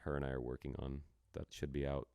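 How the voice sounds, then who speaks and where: A man with a very low, smooth, resonant voice co-hosts a podcast in loose casual chat. He rambles through long tangents and drops swear words freely. The sound is dry and close to the mic. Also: little pitch movement, fast talker, warm tone, dry recording. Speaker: podcast co-host.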